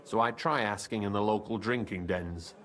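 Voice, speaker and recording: A man's voice: fairly low pitch, moderate pace, fairly bright tone, a little hiss or hum, lightly acted. An actor playing a streetwise male fixer from a thieves' crew, with a Cockney accent and slangy talk. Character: shifty male thief-guild fixer, streetwise.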